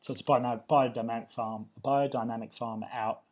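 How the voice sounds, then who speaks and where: A man's voice: mid-range voice, steady tone, fast, lo-fi sound. Enthusiastic Australian man telling stories. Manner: enthusiastic, loose storytelling. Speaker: chef, guest. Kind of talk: casual conversational interview.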